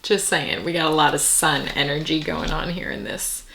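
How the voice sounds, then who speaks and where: A woman with a lowish, gravelly voice giving a relaxed tarot reading. She muses aloud and wanders between thoughts, sometimes dropping into soft whispered asides. Her tone stays casual and direct to the viewer. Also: normal speed. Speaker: tarot reader.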